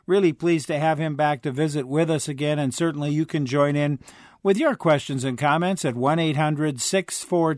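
A man hosts a radio call-in show from a close, dry studio microphone. His voice sits a bit high for a man. He is friendly and laughs easily between calls. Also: dry recording. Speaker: radio talk show host.

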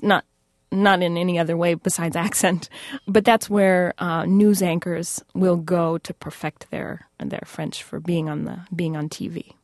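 Enthusiastic woman with a low, dry voice. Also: a little mellow, no room sound. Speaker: French language expert guest. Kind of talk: radio interview.

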